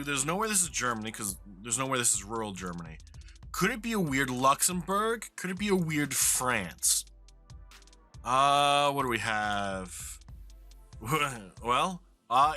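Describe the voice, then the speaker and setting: New york guy talking through a map game, super bright voice, bounces around a lot, music under him. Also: medium pitch. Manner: chatty, self-deprecating, swears casually. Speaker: streamer playing a geography game. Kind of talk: casual game commentary.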